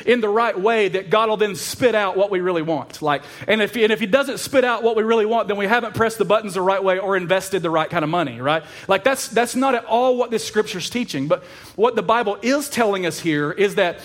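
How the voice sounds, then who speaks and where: A man's voice: high-pitched, brisk. A man preaching a sermon in a casual, conversational way, with frequent fillers and restarts. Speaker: pastor.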